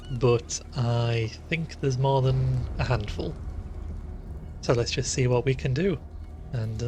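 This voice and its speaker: Chatty man streaming a horror game. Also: medium pitch. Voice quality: chatty, squeamish, laughs easily. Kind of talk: casual live gameplay commentary. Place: room sitting in the dark.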